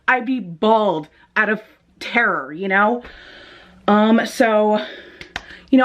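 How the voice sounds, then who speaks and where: Shaken young woman telling a scary story. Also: medium pitch. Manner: animated, swearing, lots of fillers. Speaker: vlogger. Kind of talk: casual storytime vlog.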